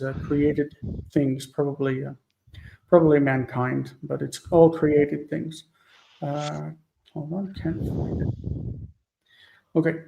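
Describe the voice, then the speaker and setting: A man teaching a casual live Bible Hebrew lesson, thinking aloud with many fillers and reading verses slowly before explaining them. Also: a little high, creaky, dark tone, poor audio.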